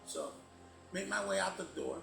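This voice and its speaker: A man's voice: sits high, huge pitch swings, moderate pace, vocal fry, a bit bright, roomy sound, faint music behind. A man playing a tabletop game, joking and swearing in casual chat. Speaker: player.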